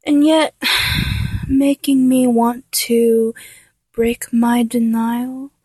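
A woman's voice: a little high, level tone, drawn-out words, mellow, husky, dry recording. A young woman in a dominant audio role-play, taunting and mocking her listener with frequent laughter and drops into a whisper.

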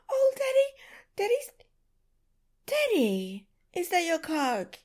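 A woman's voice: very high-pitched, darkish tone. A young adult woman performing an adult audio role-play, pleading and breathless, sometimes dropping to a whisper.

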